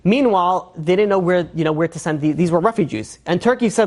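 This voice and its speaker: A man, a rabbi, telling a long story in a sermon, animated and full of fillers. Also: sits high, a little fast.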